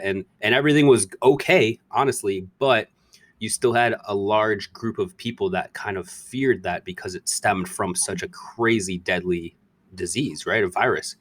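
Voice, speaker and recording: A man's voice: fairly low pitch, no room sound. A man hosting a casual podcast, talking loosely and rambling with easy laughs. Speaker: podcast host.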